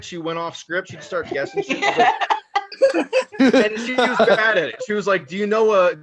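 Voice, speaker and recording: A man doing stand-up, telling a long story in a profane, animated way and laughing at his own lines. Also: high-pitched, lo-fi sound. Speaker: stand-up comedian.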